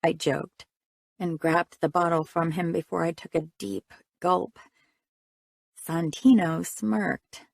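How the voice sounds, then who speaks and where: A woman's voice: fairly low pitch, slow, vocal fry, no echo, studio quality. A woman narrating a first-person audiobook in a reflective, conversational reading.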